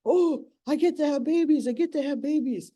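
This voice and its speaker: Woman putting on a squeaky eager boy toad. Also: brisk, lightly acted. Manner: high squeaky excited cries. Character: eager lovestruck male toad.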